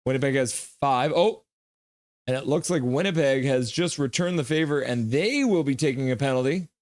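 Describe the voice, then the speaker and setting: A man hosting a live hockey watch-along stream, calling the plays casually, joking with chat and getting loud at goals. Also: medium pitch, brisk, dry recording. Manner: excitable, jokey, shouts at goals. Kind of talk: casual play-by-play and chat reading.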